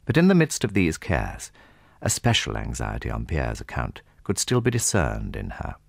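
A male narrator reading a classic novel in a measured, expressive way. His voice is very deep and gravelly, with a lively melody, and is recorded close and dry with no room sound. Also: dry recording. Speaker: audiobook narrator.

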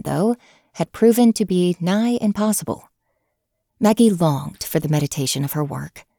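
Low, mellow woman reading a story. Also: no echo, studio quality. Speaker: audiobook narrator. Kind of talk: scripted narration.

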